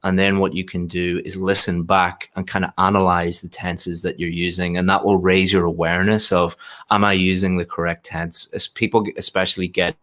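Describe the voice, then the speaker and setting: Deep-voiced male tutor giving feedback. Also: flat delivery, moderate pace, fairly bright tone. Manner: patient, explanatory, with frequent restarts. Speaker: English exam tutor. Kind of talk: one-on-one exam feedback.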